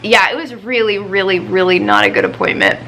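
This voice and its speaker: A woman's voice: mid-range voice, very animated, a little fast, bright, forceful tone, slight background noise, poor audio. A woman vlogger chatting casually, venting her frustration over a doctor's appointment after a week of crying. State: upset, recently crying. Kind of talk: casual chat.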